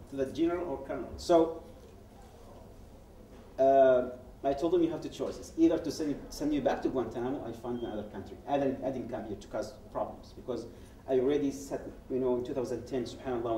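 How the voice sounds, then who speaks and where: Guy in his 40s, talking to a crowd, dark mellow voice, acts out the dialogue, mic far off in an echoey hall. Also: mid-range voice, a little hiss or hum. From Yemen. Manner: animated, acts out quoted dialogue, frequent restarts. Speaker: guest speaker at a public event. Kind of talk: personal testimony told as a story. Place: event hall.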